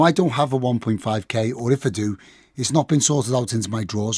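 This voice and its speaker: Croaky-voiced man at a workbench. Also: mid-range voice, darkish tone, no room sound, clean studio sound. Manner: chatty, self-deprecating asides. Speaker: pedal builder. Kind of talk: casual hands-on build tutorial.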